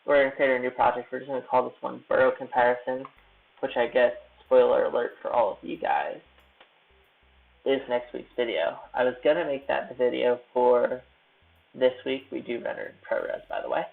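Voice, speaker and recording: Gravelly young man on a tinny stream. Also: mid-range voice, moderate pace, soft background music. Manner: relaxed, rambling, self-deprecating. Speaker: YouTube creator live-streaming. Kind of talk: casual live-stream chat. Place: hotel room. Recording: tinny phone-like audio.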